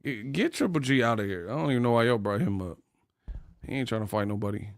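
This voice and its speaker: A man's voice: mid-range voice, lively intonation, quick pace, vocal fry, no room sound, clean studio sound. A man hosting a casual boxing livestream, laughing often and trash-talking his chat readers.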